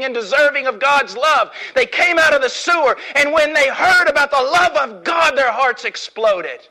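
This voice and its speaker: A man preaching an impassioned sermon, swinging from loud declarations to hushed, slow warnings. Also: extremely high pitch. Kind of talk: fiery sermon.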